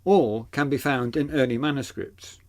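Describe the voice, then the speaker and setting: A man teaching a video lesson, explaining in a deliberate, clearly enunciated way. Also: mid-range voice, darkish tone. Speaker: literature teacher.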